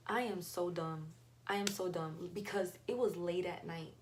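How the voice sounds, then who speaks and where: A woman's voice: fairly low pitch, takes it slowly, pauses often, noisy background. A young woman retelling a story in a casual, blunt and profane way, acting out the dialogue. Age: young adult. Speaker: vlogger.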